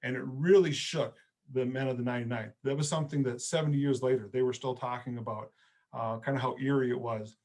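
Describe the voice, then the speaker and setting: A middle-aged man, a history professor, giving an online history lecture in a relaxed, storytelling way. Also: medium pitch, fast. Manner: conversational storytelling with casual phrasing.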